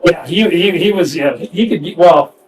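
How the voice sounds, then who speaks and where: A middle-aged man recalling his youth in casual chat, halting and reflective with many restarts. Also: fairly high pitch, far from the mic, low-quality recording. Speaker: former player reminiscing.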